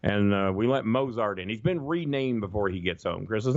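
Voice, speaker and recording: A gravelly, fairly low-voiced middle-aged man, telling profane, rambling stories in casual chat. The sound is dry and dull, like a lo-fi recording. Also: fairly quick, no echo. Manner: profane, rambling anecdotes, acts out quoted voices. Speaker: podcast guest.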